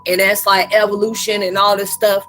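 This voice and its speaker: Woman host, bright clear tone, animated casual chat, faint music behind. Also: mid-range voice, normal speed, poor audio. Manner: animated, jumps into quoted voices, laughs often. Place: her room.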